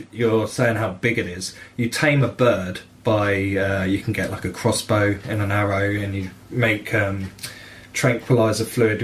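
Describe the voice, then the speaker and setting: A man hosting a gaming podcast, telling game stories in a sweary, animated way and acting out the dialogue. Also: fairly low pitch, slight background noise. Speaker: podcast host. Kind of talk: casual gaming chat.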